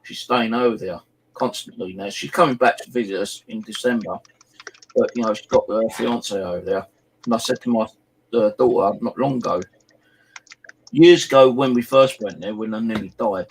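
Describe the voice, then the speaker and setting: A man's voice: lowish voice, vocal fry, a little hiss or hum, poor audio. A middle-aged man chatting casually on a live stream, rambling through stories and swearing freely. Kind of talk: casual chat.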